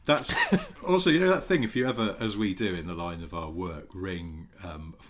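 A man, co-hosting a comic chat, rambling and giggling, often trailing off quietly. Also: sits low, moderate pace, noisy background. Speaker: podcast co-host. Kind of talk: casual comedic chat.

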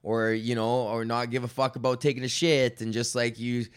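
A young man hosting a casual solo podcast, rambling and swearing freely, often laughing, and a bit low on energy. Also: little pitch movement, normal speed, clean tone, no echo, studio quality. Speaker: podcast host. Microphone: studio podcast mic.

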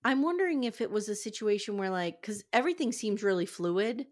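A woman of ordinary pitch chats casually as a podcast co-host, rambling through her thoughts with easy, offhand swearing. Her talk is loose and conversational, full of little asides. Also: animated, fairly quick. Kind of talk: casual recap chat.

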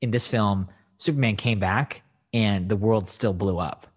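A man with a low, husky voice talking casually about a movie. He rambles and leans on filler words, a touch rough around the edges. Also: a little slow. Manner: rambling, filler-heavy, frequent "like". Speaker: film discussion co-host. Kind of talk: casual chat.

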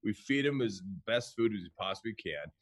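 A man, a chef from the United States, telling stories in a relaxed interview, restarting phrases and acting out what others said. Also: on the low side, moderate pace. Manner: animated, restarts phrases, acts out quoted chefs. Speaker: chef and guest. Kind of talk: conversational storytelling.

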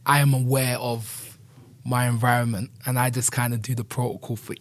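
Man, interview guest, earnest and candid, dry close recording, mid-pitched voice. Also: level tone, fairly quick, no echo. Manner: earnest, candid, with frequent "you know". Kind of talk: reflective conversational interview.

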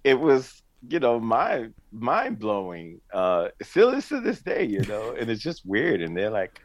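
Deep-voiced, animated male storyteller. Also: a little slow. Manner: animated, emotional storyteller, laughs often. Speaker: songwriter and singer guest. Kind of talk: casual storytelling interview.

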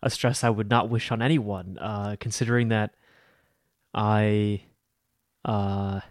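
A man co-hosting a podcast in casual chat, playful and quick to laugh. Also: lowish voice, steady tone, dry recording, clean studio sound. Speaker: podcast co-host.

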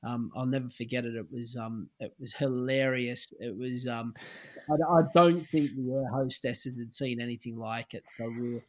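A man's voice: medium pitch, moderate pace. A middle-aged Australian man, a former footballer, casually telling an anecdote and acting out the lines of the people in it. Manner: animated anecdote-telling, acts out quoted lines. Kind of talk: casual storytelling.

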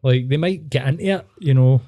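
A man's voice: mid-range voice, brisk, warm tone. A young man with a Glaswegian accent, hosting a podcast in casual chat, swearing a lot as he rants and mimics people. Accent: Scottish, Glaswegian. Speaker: podcast host.

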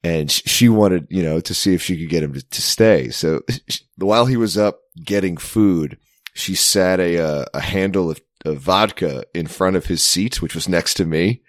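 A man with a very low voice tells a long story in casual chat. He rambles, restarts and corrects himself, laughing as he goes. The sound is close and dry, with no room around it. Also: moderate pace, no room sound.

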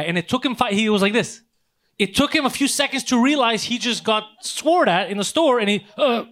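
A man's voice: high voice, fairly quick. A man co-hosting a podcast, telling a profane story in casual chat and acting out the quotes. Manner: animated, profane, acts out quotes. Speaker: podcast co-host.

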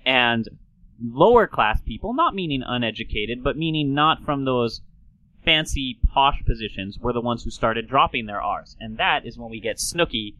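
A man's voice: mid-range voice, animated, normal speed, bright, forceful tone, dry recording, low-quality recording. A man hosting a talk, explaining speech science in a playful, chatty way. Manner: playful, slips into an old-timey radio announcer voice.

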